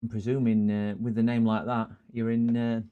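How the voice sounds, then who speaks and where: A man's voice: mid-range voice, completely flat delivery, normal speed, clear, resonant tone, phone-quality sound. A man with a broad Scottish accent chatting casually on a live stream while repairing computers, greeting viewers and rambling through stories. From Scotland.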